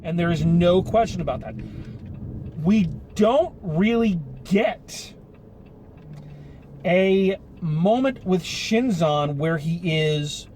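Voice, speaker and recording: A man's voice: high voice, expressive, slow, a little mellow. A man giving a rambling, sarcastic spoken film review, casual and swearing now and then. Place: car while driving home. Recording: car cabin with road noise.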